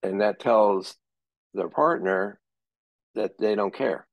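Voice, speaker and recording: A man's voice: fairly low pitch, takes it slowly, gravelly, no echo. A middle-aged man teaching a psychology class in a conversational way, sometimes acting out example dialogue. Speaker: psychology lecturer. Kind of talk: classroom lecture.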